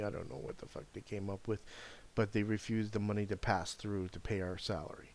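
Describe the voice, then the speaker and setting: A man's voice: on the low side, flat delivery, normal speed. A middle-aged man hosting a live stream, chatting casually in a frank, rambling way and swearing now and then. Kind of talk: casual chat.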